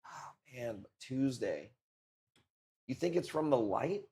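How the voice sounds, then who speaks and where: Forty-something man, live-stream coral seller, loose and profane, mid-pitched, lots of dude and bro. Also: animated, takes it slowly, mellow. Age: 40s. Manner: laid-back, profane, peppered with dude and bro. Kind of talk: casual live-stream chat.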